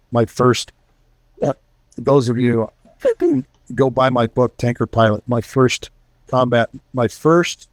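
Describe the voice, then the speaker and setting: A man's voice: medium pitch, dry recording. A middle-aged man, a retired military pilot and author, telling casual war stories to an audience and acting out the voices of the people in them. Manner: storytelling, acts out quoted voices.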